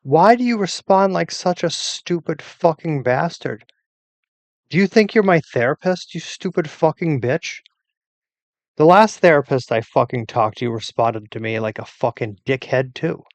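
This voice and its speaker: A man's voice: a little high, unhurried, no echo. A man in an angry rant at an AI assistant, furious, profane and insulting, speaking at his computer at home. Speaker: user arguing with an AI assistant.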